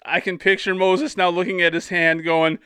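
A man reads Bible passages aloud and jokes and laughs between them. His voice is fairly high and bright, the sound close and dry, with faint music behind. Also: flat delivery, moderate pace, clean tone, no echo. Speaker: co-host reading scripture. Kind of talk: Bible reading and casual discussion.

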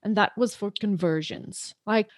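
A chatty woman from South Africa whose accent blends South African, British and Australian sounds. She talks as a podcast guest in an animated, playful way, and the sound is close and dry. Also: mid-range voice, measured pace, no room sound. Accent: mixed South African, British and Australian. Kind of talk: podcast interview.

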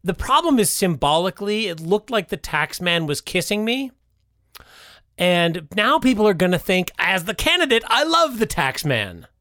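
A man's voice: sits high, very animated, normal speed, sharp tone, no room sound, clean studio sound. A man improvising a comedy bit as an indignant mayoral candidate.

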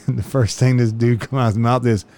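A man's voice: medium pitch, normal speed. Profane, laughing man telling stories. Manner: profane, laughing often, animated when quoting. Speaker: law enforcement officer telling stories. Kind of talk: casual storytelling chat.

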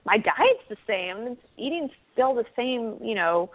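A woman's voice: on the high side, very animated, unhurried. A woman being interviewed as an author, talking casually and chattily with frequent laughs, fillers and restarts. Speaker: guest, author. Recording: phone-like band-limited audio.

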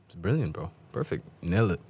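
A man with a low voice, a guest on a talk show, telling stories with lively energy. He speaks casually and warmly engages his host. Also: a little fast, slightly rough. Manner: animated, lively storyteller. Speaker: podcast guest. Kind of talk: casual storytelling.

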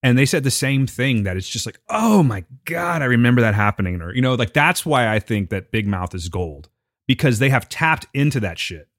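A man's voice: mid-range voice, animated, moderate pace, fairly bright tone, no echo, studio quality. A man co-hosting a podcast in casual chat, enthusiastic and emphatic, laughing easily. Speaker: podcast co-host.

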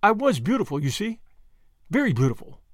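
A man voicing a frightened, secretive older beauty who speaks hoarsely, soft and dangerous in a storybook reading. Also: high-pitched, sing-song, fairly quick, dry recording, clean studio sound, voice pushed up. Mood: fearful, menacing.

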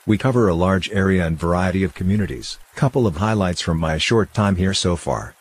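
A man narrates in a scripted, somber storytelling manner. His voice sits very low and has a husky grain to it. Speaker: narrator reading stories.

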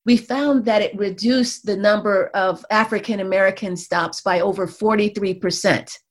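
A woman's voice: mid-range voice, fairly even intonation, moderate pace. A woman researcher and mother, a guest in an interview, explaining at length and often checking in with "right?" and "you know".

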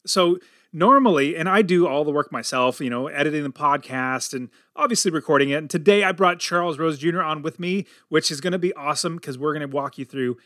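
High-voiced energetic man hosting a podcast. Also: brisk, no echo, studio quality. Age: middle-aged. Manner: energetic and upbeat, tells stories animatedly. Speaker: podcast host. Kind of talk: casual podcast storytelling.

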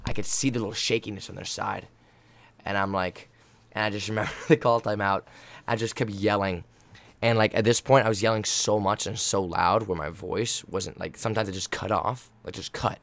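A young man, a college volleyball player, telling a game story in a casual, hyped way, laughing often and acting out his own yelling. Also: fairly low pitch, fairly even intonation, moderate pace, gravelly, dry recording.

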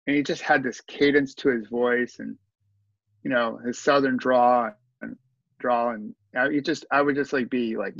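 A man's voice: mid-range voice, fairly bright tone, no echo, highs cut off. A man talking earnestly as a podcast guest, telling his story with asides and restarts. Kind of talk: conversational storytelling.

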